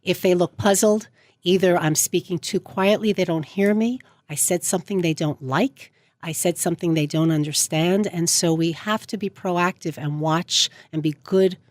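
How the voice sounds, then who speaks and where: A woman's voice: lowish voice, moderate pace, darkish tone, dry recording. A woman speech coach giving a radio interview from a studio, talking emphatically and stressing key words as she explains. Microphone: studio microphone.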